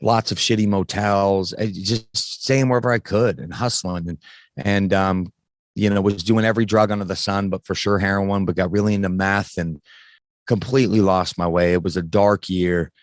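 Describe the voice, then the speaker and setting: A man's voice: low-pitched, steady tone, moderate pace, no echo. A man in his thirties, a podcast guest, telling a candid personal story in casual, frank talk that swears freely and often restarts its sentences.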